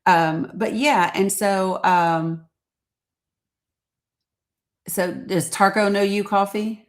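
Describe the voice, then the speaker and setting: A woman's voice: mid-range voice, fairly even intonation, takes it slowly. An American woman hosting a casual live stream, talking in a candid, outspoken, conversational way. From United States. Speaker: livestream host.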